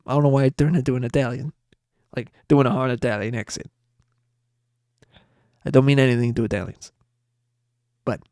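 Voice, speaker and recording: A man's voice: medium pitch, a little fast, vocal fry, long pauses, darkish tone, no room sound, studio quality. A man hosting a late-night podcast, chatting in a rambling, upbeat way full of fillers and restarts. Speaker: podcast host.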